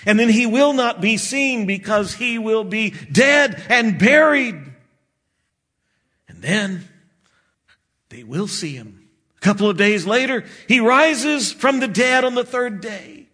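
A man preaching a sermon, expressive and slowing down for emphasis. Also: sits high. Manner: expressive preaching, acts out disciples' voices, slows for emphasis. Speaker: pastor.

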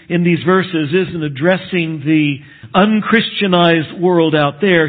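A man preaching a sermon as a pastor, earnest and emphatic, dropping to a low hush on solemn points. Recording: tinny phone-like sound.

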